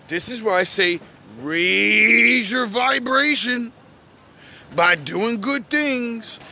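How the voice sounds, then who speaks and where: High, gravelly ranting man. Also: sharp tone, slight background noise. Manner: profane and preachy, lecturing the listener; repeats catchphrases and "yous" address. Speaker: online preacher-style commentator. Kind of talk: ranting monologue.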